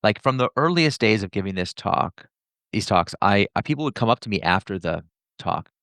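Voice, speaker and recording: Man, interview guest, low gravelly voice, rapid animated storytelling. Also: no room sound. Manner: fast, animated storyteller who acts out quoted dialogue. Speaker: entrepreneur and author, podcast guest. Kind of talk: casual interview talk.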